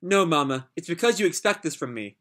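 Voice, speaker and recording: A man's voice: fairly high pitch, lively intonation, a little fast, pushed and bright. A man reading a comic's lines for a pressured young boy who promises earnestly to try harder. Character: pressured young boy, eager and anxious to please.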